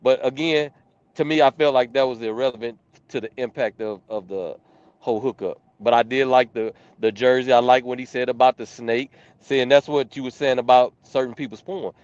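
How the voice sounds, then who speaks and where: A man's voice: mid-range voice, fairly even intonation, brisk, a little mellow, smooth, dry recording, dull audio. A man judging poetry, explaining his scores in a casual, hesitant way while he searches for words. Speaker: judge. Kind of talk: casual chat.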